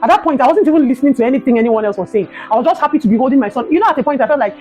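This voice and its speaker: Fast-talking Nigerian woman vlogger. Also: high-pitched, faint music behind, rough recording. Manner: emotional, animated retelling with prayerful exhortation. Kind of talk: personal storytelling and encouragement.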